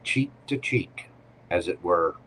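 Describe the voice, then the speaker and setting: A man's voice: low-pitched, lively intonation, takes it slowly, fairly bright tone, husky. A man hosting a live tarot Q&A, giving readings in a playful, teasing way with short punchy commands.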